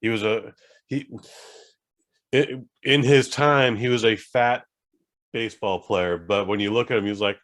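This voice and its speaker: A man's voice: on the low side, steady tone, measured pace, long pauses, fairly bright tone. A man co-hosting a casual podcast, joking along in an easygoing way. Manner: easygoing, joking, self-deprecating. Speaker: podcast co-host. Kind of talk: casual chat.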